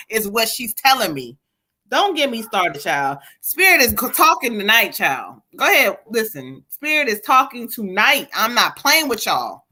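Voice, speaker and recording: A woman hosts a live spiritual reading. Her voice is bright and a little high, and she talks emphatically, cursing freely and calling the viewers "y'all" and "child". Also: very animated, moderate pace, husky. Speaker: livestream co-host giving spiritual readings.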